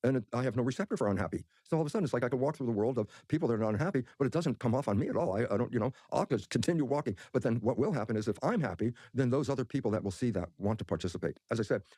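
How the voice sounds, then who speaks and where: Rapid-fire, animated male podcast guest. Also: medium pitch, husky, no room sound, studio quality. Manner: excited, repeats words, breaks into laughs. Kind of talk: animated storytelling in conversation.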